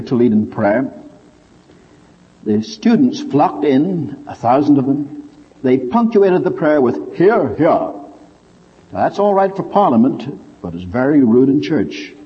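A man preaching a sermon, telling a story with lively swings in his voice. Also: medium pitch, husky. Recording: dull lo-fi recording with long hall reverb.

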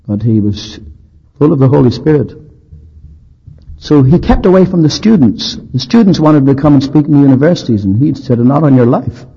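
A male preacher with a husky voice, telling a sermon's historical stories with dry humor and emphasis. The recording sounds dull and lo-fi, like an old tape. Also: on the high side, lively intonation, moderate pace, mellow. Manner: anecdotal, dryly humorous, emphatic.

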